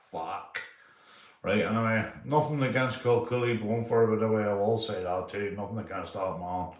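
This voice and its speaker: A man's voice: lowish voice, normal speed, echoey room. A man chatting loosely on a live stream, reading out viewers' names and swearing a lot. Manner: sweary, loose, keeps saying mate. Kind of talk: casual live-stream chat.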